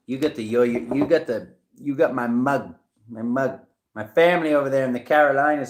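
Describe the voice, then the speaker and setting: A man's voice: medium pitch, a little fast. A man giving a casual, chatty tarot reading to camera. He rambles playfully, with jokey asides and laughter. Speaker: tarot reader. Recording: echoey room.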